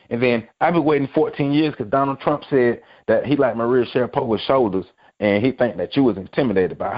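A man's voice: mid-range voice, normal speed. A man hosting a sports podcast and delivering a heated, profane rant, repeating himself for emphasis. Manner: angry, profane, repetitive. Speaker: podcast host. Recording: dull lo-fi audio.

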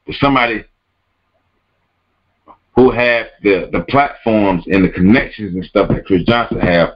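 A man's voice: lowish voice, a little slow, muffled recording. A man hosting a podcast, ranting emphatically and repeating his words and phrases. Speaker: podcast host. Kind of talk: podcast rant.

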